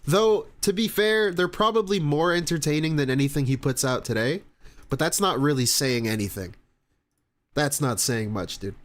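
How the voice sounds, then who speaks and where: A man's voice: on the high side, normal speed, a bit bright. A man ranting live as a reaction streamer, sarcastic and profane, mocking what he watches.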